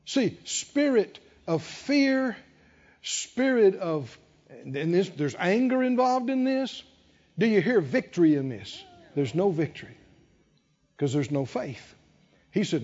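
A man's voice: extremely high pitch, expressive, measured pace, big-room sound, highs cut off. A man preaching a sermon, emphatic and calling out to the congregation. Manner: emphatic, call-and-response preaching.

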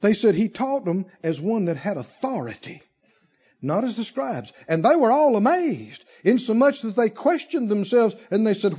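A man preaching a sermon, shifting from low asides to loud shouted climaxes and stretching out emphatic phrases. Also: sing-song, husky, muffled recording. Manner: drawls emphatic phrases slowly.

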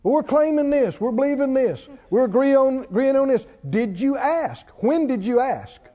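A man's voice: very high-pitched, big pitch swings, normal speed, warm tone. A man preaching a sermon who keeps putting questions to his congregation, in a dull lo-fi church recording. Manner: call-and-response preaching, asks the congregation questions.

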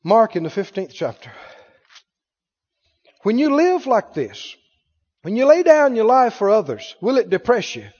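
Male preacher, fervent sermon delivery with congregation responses; wide-ranging high voice, dull lo-fi hall recording. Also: huge pitch swings, measured pace, pauses often, darkish tone, slightly rough.

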